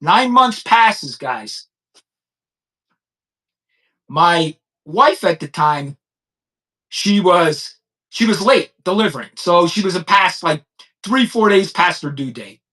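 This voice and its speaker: A man's voice: high voice, animated, sharp tone, low-quality recording. A man in his fifties hosting a crime-commentary show, talking bluntly in an unscripted monologue and repeating his points. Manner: blunt, repetitive, heated; subdued and halting when recounting personal loss.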